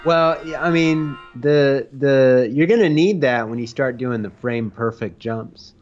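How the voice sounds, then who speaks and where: A man's voice: medium pitch, measured pace, dull audio, faint music behind. A man co-hosting a retro game show, bantering casually and wryly with jokes while his partner plays. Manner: wry, joking interjections.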